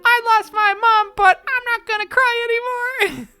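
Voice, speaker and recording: A man voicing a bossy, bratty little girl summoner in a squeaky falsetto, with faint game music underneath. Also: steady tone, measured pace, sharp tone, heavily acted. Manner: scolding, bossy.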